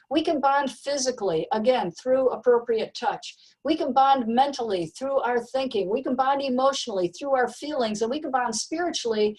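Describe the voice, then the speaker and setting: A woman's voice: high voice, a little mellow, recorded from a distance, low-quality recording. A woman giving a recorded parenting presentation, talking emphatically and repeating key words for stress. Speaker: parenting educator.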